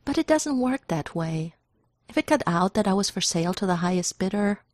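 A woman voicing a smug, sanctimonious male hired killer in an audiobook reading, pitching her voice up high and talking briskly. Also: sing-song, a little mellow, dry recording, studio quality, natural voice.

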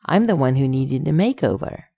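A woman reading a calm, soothing young man. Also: very deep voice, moderate pace, creaky, husky, no echo, highs cut off, exaggerated voice. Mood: tender. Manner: soft, reassuring.

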